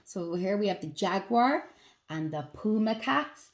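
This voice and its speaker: Animated woman teaching young children. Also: on the low side, slow. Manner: animated and sing-song, addressing children as guys. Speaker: preschool teacher. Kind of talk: children's circle time lesson.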